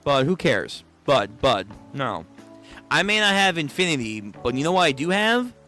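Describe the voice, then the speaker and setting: A man reacts aloud during a casual comic read-through, exclaiming in disbelief and swearing freely as his pitch swings all over the place. His voice is bright, forceful, and a little high, at normal speed. Soft music plays faintly underneath.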